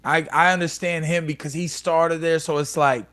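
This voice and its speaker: A man in his thirties talks casually as a podcast guest, with a voice pitched somewhat high for a man. He rambles through stories full of swearing and loose, easy phrasing. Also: steady tone, normal speed, a bit bright. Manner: profane, rambling storyteller. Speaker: podcast guest, professional fighter.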